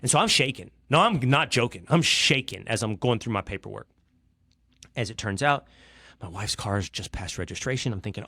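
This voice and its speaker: A middle-aged man from Texas, hosting a podcast, telling an exasperated, comic story that swings from hushed asides to loud outbursts. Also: lowish voice, expressive, a little fast, dry recording, clean studio sound. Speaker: podcast host. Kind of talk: animated storytelling monologue.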